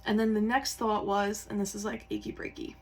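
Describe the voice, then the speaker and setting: A woman tarot reader talks in a candid, confessional way, slightly tearful. Her speech wanders, with fillers and restarts, at a middling pitch for a woman. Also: flat delivery, fairly quick, gravelly. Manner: candid, rambling, with many fillers and self-corrections. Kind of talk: casual confessional talk.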